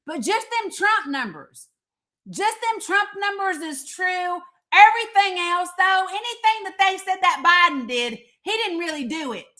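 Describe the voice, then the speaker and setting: A woman's voice: very high voice, expressive, measured pace, bright, forceful tone. A woman with an East Tennessee accent hosting live political commentary, blunt, sarcastic and profane. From Northeast Tennessee. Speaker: live show host.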